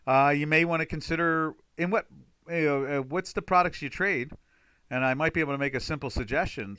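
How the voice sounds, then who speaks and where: A man from the United States hosts a live webinar, talking loosely and rambling between points. His voice is bright and forceful. The recording is dry and close. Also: fairly high pitch, a little fast, smooth, no room sound. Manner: chatty, rambling, exclaims loudly in frustration. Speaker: trading webinar host. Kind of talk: casual live webinar talk.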